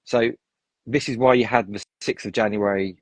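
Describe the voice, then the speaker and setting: A man with a low, husky voice talks through his opinions in a rambling, restart-filled way. The sound is dry and close, with no room around it. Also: steady tone, normal speed, no echo, poor audio. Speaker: podcast guest. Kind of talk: casual chat.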